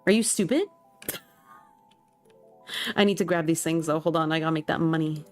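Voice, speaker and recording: A woman's voice: low-pitched, normal speed, faint music behind. A young woman streamer chatting casually and animatedly while she plays a game, full of slang and exclamations. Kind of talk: casual chat while gaming.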